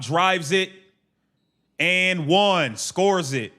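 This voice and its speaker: A man's voice: high-pitched, fairly bright tone. A man calling a game play by play on a livestream in clipped bursts, brashly mocking players and swearing. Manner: rapid clipped play calls. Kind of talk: casual play-by-play commentary.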